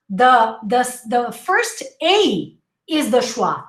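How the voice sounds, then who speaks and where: A woman whose first language is Portuguese, teaching English pronunciation in a live online class and slowly repeating each word for her students. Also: high voice, very animated, a bit bright. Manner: drills words slowly and repeats them. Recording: echoey room.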